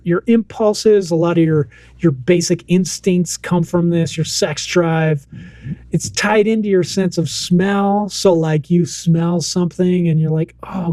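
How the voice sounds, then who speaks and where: A man in his thirties co-hosting a casual podcast, telling a family story with lively acted-out quotes. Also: fairly high pitch, no room sound. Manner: animated storyteller, acts out quotes. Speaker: podcast co-host.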